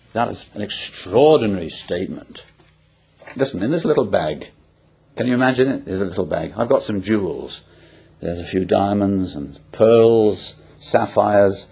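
A man's voice: fairly low pitch, darkish tone, husky. A man preaching an expository sermon, asking the congregation rhetorical questions and illustrating points with personal anecdotes.

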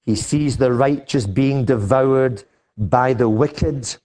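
Older Scottish male preacher, slow deliberate delivery, impassioned and emphatic. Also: medium pitch. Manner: impassioned preaching, rising to loud emphatic declarations. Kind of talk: sermon.

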